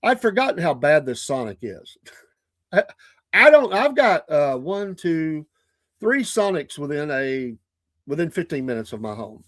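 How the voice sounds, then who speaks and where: An older Southern man tells a story the way he'd tell it over coffee, rambling, restarting and chuckling often. His voice sits a bit high and swings up and down a lot. The sound is dry and close. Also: big pitch swings, unhurried, a bit bright, dry recording. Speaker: podcast host. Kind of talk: casual anecdote telling.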